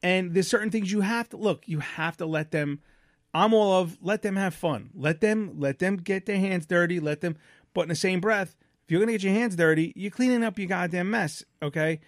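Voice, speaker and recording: High-pitched and at a normal pace, this man sounds studio-clean with no echo. He co-hosts a laid-back podcast about family life as a father of young kids, rambling bluntly through stories full of restarts, fillers and casual swearing.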